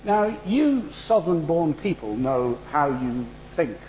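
A middle-aged man with a northern English accent preaches in church, his fairly high voice swooping animatedly. He keeps a conversational, wry tone with asides. Then he builds to emphatic, rhythmic runs, and a faint hum sits behind him. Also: slow, low-quality recording. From northern England. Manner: animated, rising to emphatic rhetorical build-ups. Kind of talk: sermon.

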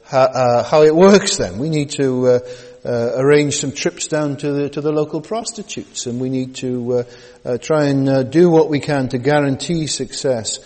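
A man voicing a friendly, persuasive ancient Canaanite neighbour who explains things with many halting fillers. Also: medium pitch, darkish tone, natural voice. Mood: coaxing. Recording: long hall reverb.

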